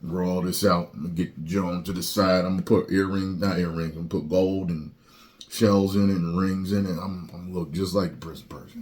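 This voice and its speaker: Man with a very low voice, rambling reaction host. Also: steady tone, fairly quick. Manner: rambling, with many fillers and sudden loud rants. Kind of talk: casual reaction commentary.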